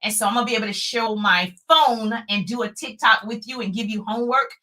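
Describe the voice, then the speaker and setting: A high-pitched woman with a bright, ringing voice coaches her viewers live on a stream. She talks with hyped-up energy, cheering people on and laughing often. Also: quick pace. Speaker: sales coach.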